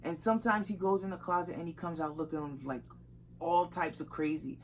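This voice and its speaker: A woman's voice: lowish voice, steady tone, a little fast, a little hiss or hum. A young woman from the United States chatting with her partner in a casual couple vlog, emphatic and laughing often. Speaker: vlogger.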